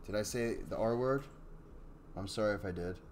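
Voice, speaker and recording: Low-voiced rambling stream host. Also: male voice, moderate pace, slight background noise. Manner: rambling and apologetic, with many fillers. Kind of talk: casual live stream chat and story reading.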